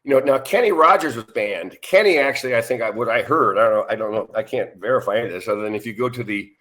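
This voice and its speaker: A man's voice: mid-range voice, fast, fairly bright tone. A man in his sixties, a retired musician and interview guest, telling stories in a rambling way with many restarts. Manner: rambling, many restarts, acts out quoted voices. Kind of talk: casual interview storytelling.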